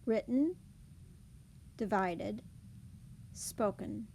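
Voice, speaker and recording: A woman teacher explaining speech sounds in a phonics lesson, saying example words slowly and clearly. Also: mid-range voice, darkish tone, slight background noise. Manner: clear, deliberate demonstration of words.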